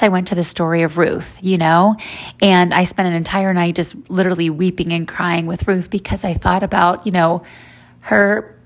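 A woman in her forties giving a faith-based personal talk in a conversational way, with many "you know" fillers. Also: fairly low pitch. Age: 40s.

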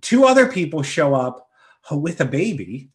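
A man's voice: fairly high pitch, moderate pace. A man in his thirties, a podcast host, telling self-mocking stories in a casual chat. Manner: animated, self-mocking storyteller.

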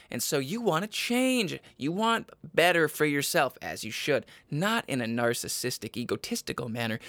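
A man rants mock-motivational life advice as a podcast host. He is crude and profane, and his fairly high voice leaps into squeaky jabs. The sound is close and dry. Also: a bit bright, no room sound. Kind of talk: comedic advice monologue.

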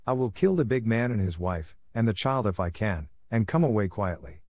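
A man reading a storybook aloud, voicing a big, menacing male cobra who talks in a cold, deliberate way. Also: lowish voice, expressive, darkish tone, no echo, clean studio sound. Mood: plotting.

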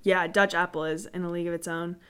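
A woman's voice: on the low side, flat delivery, quick pace, fairly bright tone, clean tone. A young woman chatting casually with her sister. She talks in loose, rambling runs full of "like" fillers and laughs through her stories. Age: young adult. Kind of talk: casual chat.

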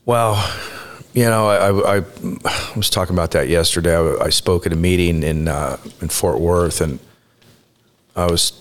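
A man speaking as a guest, reflective and halting, with quick bursts between restarts. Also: low-pitched. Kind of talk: casual conversation.

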